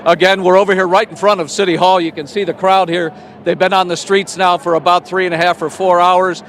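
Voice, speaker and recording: A man giving a calm, measured live TV news report outdoors at a street protest. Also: sits high. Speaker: field reporter. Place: outdoors at a street protest in front of City Hall.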